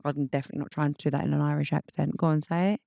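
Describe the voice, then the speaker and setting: A woman's voice: deep voice, little pitch movement, rapid-fire, vocal fry, mellow, no room sound, clean studio sound. A young woman co-hosting a podcast, quizzing her co-host in casual chat with a blunt, teasing manner.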